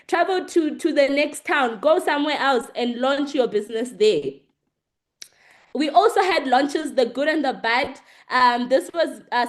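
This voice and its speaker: A woman giving an energetic business presentation to an audience, telling her story in short, repeated, emphatic sentences. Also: on the high side. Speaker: guest speaker.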